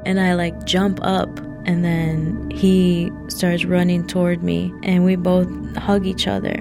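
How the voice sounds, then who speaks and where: A woman recounting a personal memory in a casual, halting way, full of "like" fillers. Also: fairly low pitch, little pitch movement, vocal fry, music in the background. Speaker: storyteller. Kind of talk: personal story narration.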